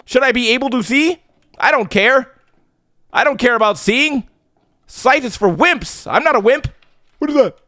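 A man playing a horror game and commenting nervously, yelling when scared and joking to cover his fear. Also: extremely high pitch, animated, normal speed, pauses often, no echo, clean studio sound. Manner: yells and screams when scared. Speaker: let's play gamer.

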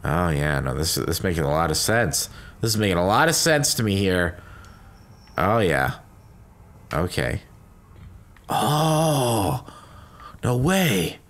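A man doing let's play commentary, joking crudely and breaking into loud excitable outbursts. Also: low voice, takes it slowly, pauses often. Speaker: gaming commentator.

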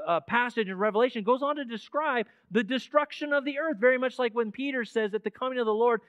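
A man preaching a sermon in a church, swinging between hushed, slow passages and loud, emphatic ones. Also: very high voice, no room sound. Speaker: pastor. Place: church sanctuary.

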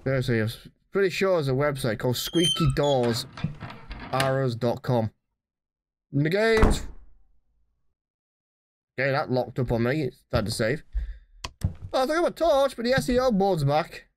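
Deadpan man joking through a game. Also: mid-range voice, normal speed, long pauses, background noise. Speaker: gamer playing a horror game. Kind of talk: let's play commentary.

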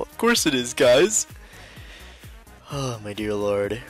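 A man's voice: mid-range voice, big pitch swings, takes it slowly, a bit bright, soft background music. A man commentating a card game video in a casual, exasperated and sarcastic way, laughing often. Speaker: video host and duel commentator.

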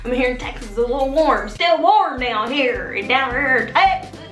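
Her high, expressive voice is a bit bright, and she talks at a moderate pace. As host of a chatty advice vlog filmed at home in Texas, she speaks right to viewers and checks in with "okay?" again and again. Faint music sits behind her in a roomy room.

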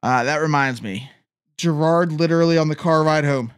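A man streaming casual reaction commentary on memes, excitable and loud at times. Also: a little high, moderate pace, music in the background. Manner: excitable, shouts and laughs at clips.

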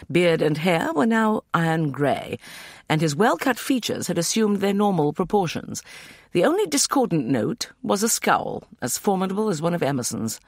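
A man narrating an audiobook in a wry, expressive manner. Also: a little high, vocal fry, husky, dry recording, studio quality.

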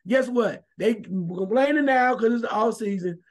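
High-pitched male radio co-host, loud, emphatic sports opinions. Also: normal speed. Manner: animated, emphatic, shouts at times.

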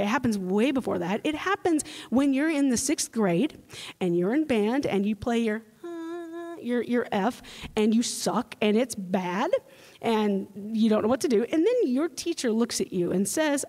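A young woman giving a playful, animated panel talk as a trombonist at a convention. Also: a little high. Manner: animated, playful, mimics voices. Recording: reverberant hall.

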